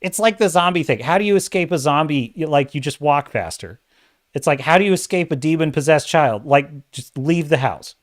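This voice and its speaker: A man's voice: a little high, normal speed. A man hosting a livestream, chatting casually and rambling, laughing often and reading out viewer comments. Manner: rambling, animated, laughs often, reads chat aloud. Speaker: livestream host.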